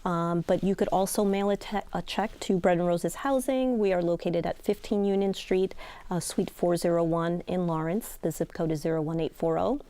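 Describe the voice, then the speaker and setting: A woman with a low, mellow voice talks as a guest in a community interview. She is earnest and pauses often with little fillers as she explains. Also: steady tone, clean tone, no room sound. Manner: earnest, hesitant with many fillers. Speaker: nonprofit executive director. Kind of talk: casual interview chat.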